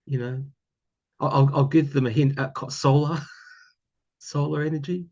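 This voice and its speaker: A man's voice: a little high, steady tone, normal speed, long pauses, a little mellow, lo-fi sound. An Australian man chatting casually to camera, rambling with many fillers and restarts. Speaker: tarot YouTuber.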